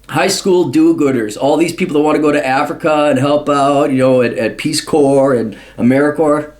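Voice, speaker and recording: A man giving an angry, blunt, profane monologue answering a viewer's question, with frequent restarts. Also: medium pitch. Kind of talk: ranting commentary monologue.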